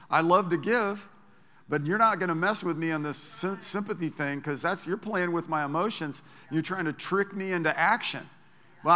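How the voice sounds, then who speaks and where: Bright-voiced male pastor preaching in a hall. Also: on the high side. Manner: conversational, animated preaching with frequent restarts. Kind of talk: sermon.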